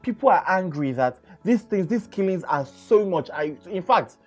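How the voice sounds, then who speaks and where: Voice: mid-range voice, lively intonation, normal speed, darkish tone, soft background music. Emphatic Nigerian radio host. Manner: emphatic, repeats phrases for stress. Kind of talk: opinionated radio monologue.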